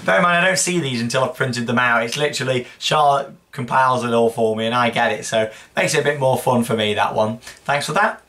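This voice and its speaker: Young man, show host, chatty and rambling, bright forward tone. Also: medium pitch, fairly quick, few pauses. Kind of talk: casual viewer Q&A.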